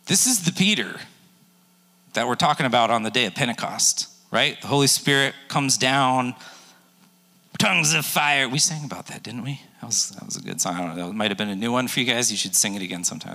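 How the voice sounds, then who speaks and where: A man's voice: mid-range voice, sharp tone. A man in his forties preaching a sermon in a casual, joking way and acting out the people in his story. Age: 40s. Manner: conversational, jokey, acts out quotes. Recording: long echo of a large hall.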